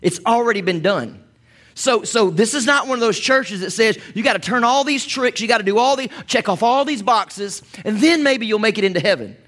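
A man's voice: sits high, expressive, a little fast, a bit bright. A man preaching a sermon as pastor, chatty and conversational, with asides to the congregation.

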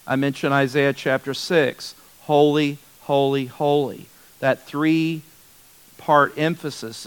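A man's voice: medium pitch, clear, resonant tone, poor audio. A man teaching a Bible study in a conversational way, often repeating words for emphasis and restarting his sentences.

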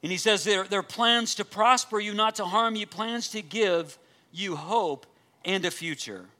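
A man's voice: high-pitched, measured pace, bright, forceful tone. A man preaching a sermon to his church, earnest and emphatic, repeating key phrases and asking the congregation direct questions. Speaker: pastor.

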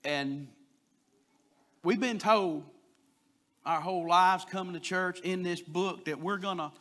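A man preaching a sermon, telling a folksy story and pushing louder on his key points. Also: sits high, slow.

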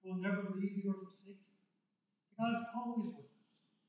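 An older male pastor preaches in a loose, joking way, calling on his listeners to join in. His voice sits very high for a man. It rings through a very echoey hall, picked up from some distance. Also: moderate pace, a little mellow. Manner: joking, chatty, draws in the congregation. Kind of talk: conversational sermon. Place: church sanctuary.

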